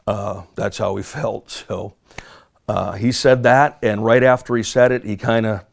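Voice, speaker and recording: A police officer giving a measured, deliberate account of a shooting in an interview clip. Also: male voice, on the low side, fairly even intonation, vocal fry.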